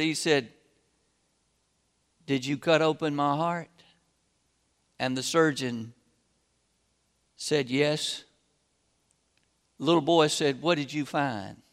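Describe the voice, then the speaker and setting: A man preaching a sermon and telling a story, slow and dramatic, swinging from loud outbursts to hushed tones. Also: fairly high pitch, clear, resonant tone, in a large hall.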